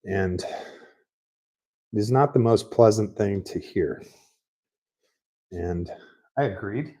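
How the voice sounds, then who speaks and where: A man's voice: lowish voice, drawn-out words, dark tone, poor audio. A man in his garage, casually explaining a car repair in a chatty, rambling, self-mocking way, recorded on a laptop set on a rolling stool. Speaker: mechanic showing a repair. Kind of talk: casual workshop vlog. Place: home garage workshop.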